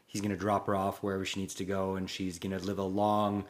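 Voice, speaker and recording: A man with a lowish voice co-hosts a casual film discussion. He chimes in with cast names and quick side comments. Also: completely flat delivery. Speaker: co-host. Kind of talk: casual chat.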